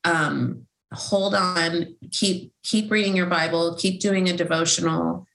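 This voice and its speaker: Christian author, woman, casual rambling faith talk, slightly low voice, roomy sound. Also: steady tone, takes it slowly, vocal fry, a bit bright. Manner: rambling, heartfelt, many fillers and restarts. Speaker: Christian author and podcast host.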